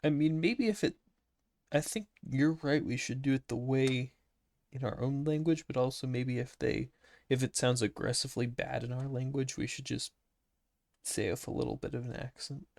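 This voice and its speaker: A man's voice: mid-range voice, normal speed, gravelly, a little mellow, no room sound. A young man co-hosting a podcast in casual chat, dropping dry, joking remarks. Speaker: podcast co-host.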